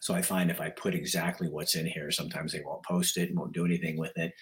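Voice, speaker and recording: An older man hosting a casual live stream, losing his voice, rambling in a folksy way and often clearing his throat. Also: sits low, level tone, fast, fairly bright tone. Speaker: livestream host.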